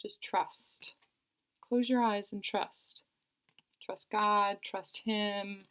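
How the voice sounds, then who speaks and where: A woman's voice: mid-range voice, fairly even intonation, extremely slow, a bit bright, clear, resonant tone. A woman giving a tarot card reading, talking earnestly and reassuringly and often repeating her phrases. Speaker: tarot reader.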